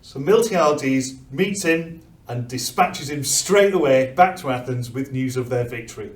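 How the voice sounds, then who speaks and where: A man tells a history lesson in a dry, matter-of-fact way. His voice sits at a middle pitch. It comes from a little away from the mic in an echoing room. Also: lively intonation, a little slow. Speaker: history teacher. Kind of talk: casual classroom chat. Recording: roomy sound from a distance.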